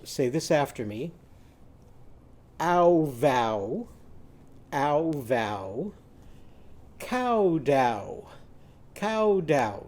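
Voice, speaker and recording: A man's voice: a little high, dark tone. A man teaching a children's phonics lesson, modelling sounds in a sing-song way for the class to repeat.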